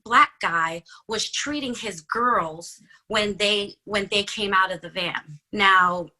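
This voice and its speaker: A woman's voice: medium pitch, slow pace, poor audio. A woman guest in a podcast interview, telling a story conversationally and acting out the dialogue she quotes. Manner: animated, acts out quoted dialogue.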